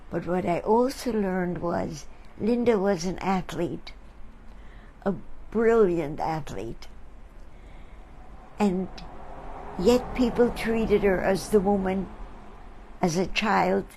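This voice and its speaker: A woman hosting a talk, telling reflective stories about friends to an audience in a slow, thoughtful way. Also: lowish voice, a little mellow, slight background noise, low-quality recording. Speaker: artist and host.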